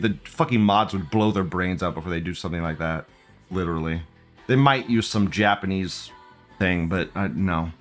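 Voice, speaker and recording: A man's voice: on the low side, fairly bright tone. A man in his thirties hosting a casual live commentary show. He swears a lot, laughs often, and drags out mocking words. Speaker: livestream show host.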